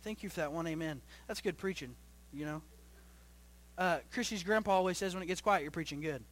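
A young pastor preaches a little fast to his church, his delivery swinging between loud, rising bursts and quiet, low stretches. He frequently repeats and restarts phrases.

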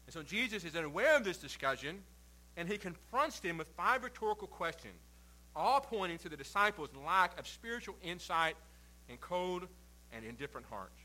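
A male pastor preaching a sermon, reading scripture aloud and then explaining it with swings between quiet and forceful emphasis. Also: sits high, very animated, normal speed, low-quality recording. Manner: reads scripture then preaches with shifting loud and soft emphasis.

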